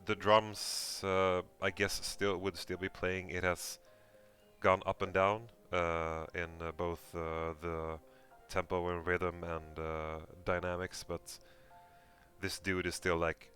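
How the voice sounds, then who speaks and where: A man narrating a tabletop game as game master, in a casual, halting way with many fillers. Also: sits low, sharp tone.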